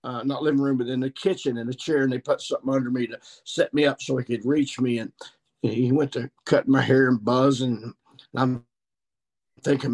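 A man's voice: mid-range voice, fairly even intonation, fairly quick, a little mellow, breathy edge. Folksy Ozarks man in his sixties. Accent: Ozarks Missouri. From Missouri. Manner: folksy, rambling country storyteller. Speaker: guest turkey hunter. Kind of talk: podcast storytelling.

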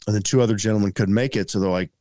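A man telling a casual story as a podcast guest, rambling and animated, full of fillers like "man" and "dude.". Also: fairly low pitch, rapid-fire, no room sound, clean studio sound.

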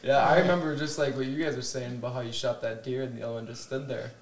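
A man's voice: medium pitch, fairly even intonation, quick pace. A man hosting a podcast, telling a long hunting story in a casual, rambling way and chuckling at his own tales. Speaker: podcast host. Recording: roomy with faint ambience.

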